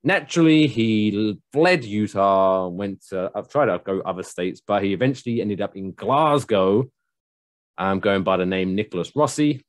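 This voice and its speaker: A man's voice: on the low side, lively intonation, measured pace, no echo, clean studio sound. A man in his thirties co-hosting a podcast, reading out a news story with joking asides. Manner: chatty, jokey, reads news aloud with asides. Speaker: podcast co-host. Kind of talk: casual news chat.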